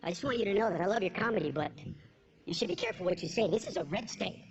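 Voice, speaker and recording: A grave male heckler, put on by a man in a comedy bit speaks low and slow with total seriousness. The recording is dull and lo-fi. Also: expressive, gravelly. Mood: warning. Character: stern adult male heckler giving a warning.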